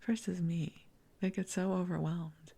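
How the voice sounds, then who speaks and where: A middle-aged woman hosting a sleep podcast, rambling softly in a half-whisper and laughing at herself. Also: fairly low pitch, steady tone, measured pace, gravelly, slightly rough. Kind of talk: soft bedtime rambling.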